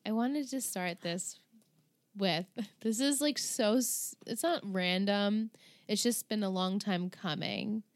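A woman's voice: medium pitch, slow, no echo. A woman co-hosting a podcast, chatting casually and giggling as she rambles through recaps and trivia, with a New York accent. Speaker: podcast co-host. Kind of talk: casual chat.

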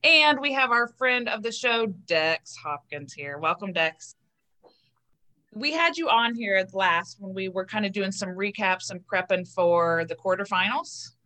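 A woman co-hosting a podcast, welcoming a guest and asking questions in a brisk, friendly way. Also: mid-range voice, animated, bright, forceful tone. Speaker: podcast co-host. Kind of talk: casual interview chat.

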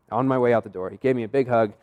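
A young man delivers a sermon as a running story, chatty and easygoing. He slips into other people's voices when he quotes them. His pitch sits in a plain middle range. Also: quick pace, narrow, tinny audio. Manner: conversational, acts out quoted dialogue. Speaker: pastor.

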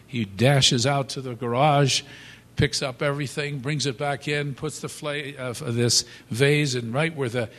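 A man telling a motivational story in a halting, animated way, with many restarts. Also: medium pitch. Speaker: speaker. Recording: long hall reverb.

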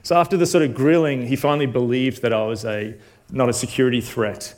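A man's voice: medium pitch, steady tone, a little fast, a little mellow. A man with an Australian accent, giving a conversational sermon as a guest preacher from a church stage, telling a story with many fillers and self-deprecating asides. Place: church auditorium.

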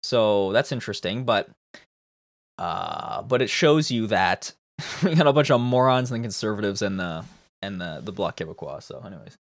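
Profane, animated man ranting. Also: on the low side, moderate pace, no echo, clean studio sound. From Canada. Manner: profane, exasperated, sarcastic. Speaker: political commentary host. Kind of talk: ranting news commentary.

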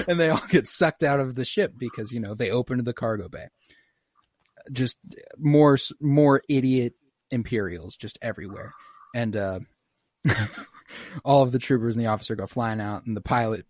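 A man chatting casually on a podcast, retelling scenes with gusto and putting on quick voices for the lines he quotes. He laughs often between bits. His voice sits mid-pitch and sounds close and dry. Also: dry recording. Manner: animated storyteller who acts out quotes and laughs often. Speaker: podcast co-host recapping an episode.

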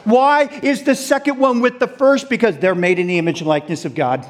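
A middle-aged man preaching a sermon, animated, asking the audience questions and laughing along with them. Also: high-pitched, a little fast.

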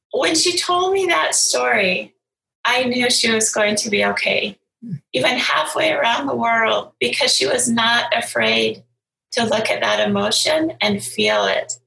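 A woman's voice: high voice, creaky, bright, forceful tone, roomy sound, rough recording. A middle-aged woman speaking as a guest, telling a story in an earnest, encouraging way. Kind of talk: heartfelt conversational storytelling.

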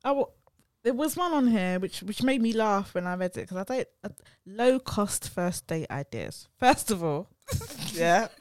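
An English woman co-hosting a casual podcast chat, animated and often laughing, her voice dropping low as she trails off. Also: moderate pace, no echo, studio quality. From England. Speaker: podcast co-host.

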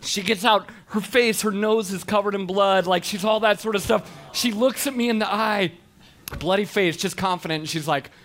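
A man in his thirties giving an animated, expressive storytelling talk to an audience. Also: high voice, normal speed. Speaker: speaker.

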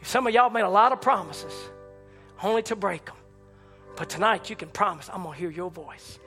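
Male preacher, fiery sermon delivery, high bright voice, soft organ underneath. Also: normal speed. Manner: impassioned, rising to shouts and dropping low. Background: church organ chords.

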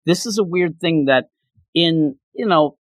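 A man's voice: a little high, unhurried, no room sound. A man and podcast co-host, animatedly retelling a story in casual chat and acting out the characters' lines. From North America. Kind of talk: casual chat recapping a comic.

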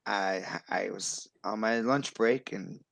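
A man in his thirties, a show guest, telling a personal story with lots of fillers and excited restarts. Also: fairly low pitch, takes it slowly, gravelly, no room sound. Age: 30s. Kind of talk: casual storytelling.

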